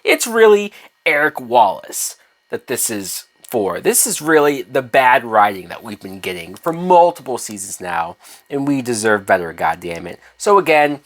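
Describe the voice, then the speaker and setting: A man's voice: medium pitch, sing-song, normal speed, fairly bright tone. A man reviewing a TV episode in a rant, exasperated and profane, firing off rhetorical questions. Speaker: TV show reviewer.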